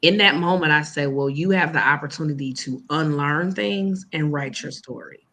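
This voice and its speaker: Bright-voiced woman teacher telling stories. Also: sits low, moderate pace. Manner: storytelling, quoting her students and herself. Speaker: educator and guest. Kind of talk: casual podcast talk.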